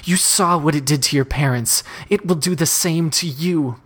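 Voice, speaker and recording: A man's voice: fairly high pitch, normal speed, a bit bright, husky. A man reading aloud and voicing a young woman heroine who pleads with raised urgency. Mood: pleading. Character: young woman hero, determined and tearful.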